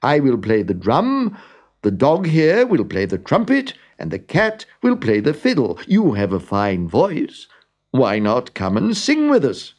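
A good-natured storybook donkey voiced by a man who urges his friends along. His voice is cheerful and coaxing, with lively rises and falls. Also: mid-range voice, unhurried. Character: friendly donkey, the group's leader.

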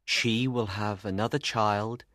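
A woman voicing a brave condemned man who speaks low, calm and tender. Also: measured pace, no echo, studio quality.

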